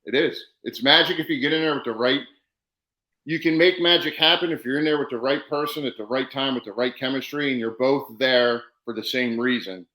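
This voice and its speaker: Bright-voiced man telling wrestling stories. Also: mid-range voice, brisk, reverberant, low-quality recording. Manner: animated anecdotes, acting out quoted dialogue. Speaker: professional wrestler guest. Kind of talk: casual storytelling.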